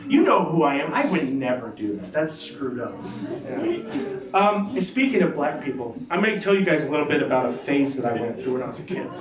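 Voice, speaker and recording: A man's voice: a little high, very animated, brisk. A man doing a rambling stand-up set at a comedy night, with lots of restarts and asides. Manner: rambling, loose delivery with many restarts and asides. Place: comedy club stage. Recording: echoey room heard from a distance, with a crowd.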